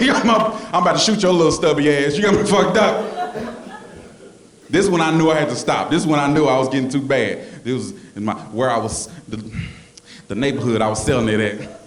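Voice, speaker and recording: A male comedian telling animated stories on stage, yelling out punchlines, with a handheld mic. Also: mid-range voice, normal speed. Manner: loud, animated storytelling with yelling bits. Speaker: stand-up comedian. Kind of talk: stand-up comedy set. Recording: roomy club with loud audience laughter.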